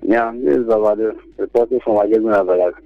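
A man with a Nigerian accent calling in to a radio show, speaking haltingly with many pauses and bits of pidgin. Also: fairly low pitch, gravelly, music in the background. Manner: halting, hesitant, mixes in pidgin. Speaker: caller. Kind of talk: casual phone-in chat. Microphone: telephone. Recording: dull dry phone line.

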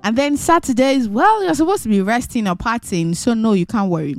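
A woman's voice: a little high, a little fast, no echo, soft background music. Playful woman radio host. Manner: animated, teasing, jokey. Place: radio studio.

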